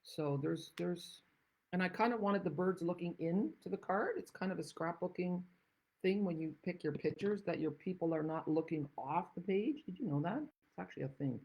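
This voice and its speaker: Chatty woman with a husky, gravelly voice. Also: fairly low pitch, expressive, moderate pace, a little mellow, rough recording. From Netherlands. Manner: chatty, rambling, self-deprecating asides. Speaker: craft demonstrator and channel host. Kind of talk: card-making tutorial.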